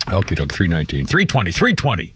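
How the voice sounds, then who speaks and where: A man's voice: low voice, wildly swooping pitch, quick pace, background noise. A man hosting a live radio talk show, rambling and irreverent with blunt asides. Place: radio studio.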